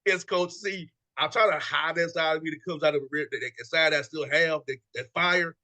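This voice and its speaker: A male show host chatting casually in a lively, joking way and laughing often. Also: on the high side, moderate pace. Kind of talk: casual chat.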